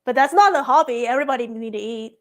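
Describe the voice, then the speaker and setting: A young woman co-hosting a casual chat, blunt and opinionated, with quick asides. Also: on the high side. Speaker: YouTube co-host.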